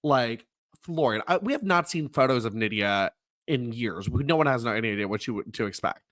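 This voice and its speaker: A young man co-hosting a podcast, telling stories in a lively, animated way, laughing often and acting out quotes in a high voice. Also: fairly quick, dry recording. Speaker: podcast co-host. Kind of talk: casual chat.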